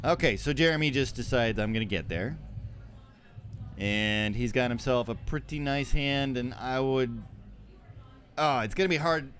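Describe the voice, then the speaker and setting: A man's voice: medium pitch, normal speed, a bit bright. Joking man calling poker play-by-play. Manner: joking, laughs easily, playful. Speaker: poker commentator. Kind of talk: live poker play-by-play commentary.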